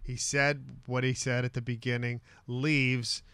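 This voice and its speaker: A man's voice: mid-range voice, flat delivery, measured pace, fairly bright tone, clear, resonant tone, no echo, studio quality. A man co-hosting a sports talk show, giving firm, opinionated takes in casual chat. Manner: opinionated, emphatic. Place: studio.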